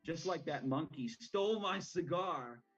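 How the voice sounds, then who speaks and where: A man voicing a scheming older mob boss in a tabletop role-play, speaking in a measured, confiding way. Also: fairly high pitch, animated, slightly rough, lo-fi sound, faint music behind, pitched above the performer's own voice, exaggerated voice.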